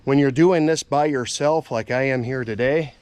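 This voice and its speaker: A man's voice: mid-range voice, normal speed, darkish tone, smooth, no room sound. Folksy auctioneer man talking on a farm. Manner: folksy, plainspoken, thinking aloud with fillers. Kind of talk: casual walkaround commentary. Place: outdoors on a farm, around machinery.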